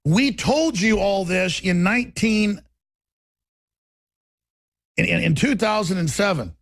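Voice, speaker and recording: A man's voice: sits high, lively intonation, takes it slowly, gravelly, a bit bright, dry recording. A man with a Texas accent, hosting a radio talk show and ranting through a combative, sarcastic, rambling monologue.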